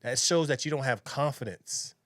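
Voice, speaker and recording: A man's voice: medium pitch, normal speed, a bit bright, no echo, clean studio sound. A man hosting his own reaction channel, giving blunt, opinionated commentary and often repeating himself. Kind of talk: casual commentary.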